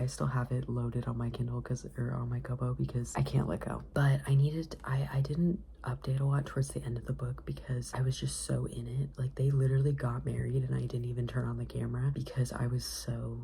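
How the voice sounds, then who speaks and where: A woman book vlogger reading a novel aloud and reacting excitedly, often dropping into a whisper. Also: rumbling low, vocal fry, a little hiss or hum.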